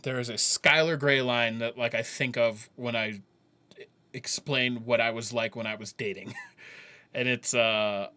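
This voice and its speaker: A man reacting to a friend's music album in casual commentary. He swears a lot, laughs often and gets excited, and he trails off and restarts when he turns reflective. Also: mid-range voice, unhurried, clear, resonant tone. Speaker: music reaction video host.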